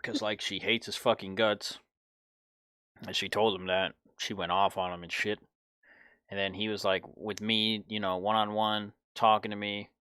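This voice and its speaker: A man's voice: on the low side, flat delivery, moderate pace, sharp tone, smooth, no echo. A young man in his twenties telling a personal story in a casual, blunt, profane way. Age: 20s. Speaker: podcast host.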